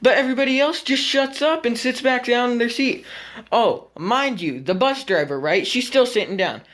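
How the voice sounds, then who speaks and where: A teenage boy vlogging, casually telling a story to the camera, animated and full of swearing as he acts out what happened. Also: very high-pitched, normal speed. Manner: animated, profane, acts out the scene.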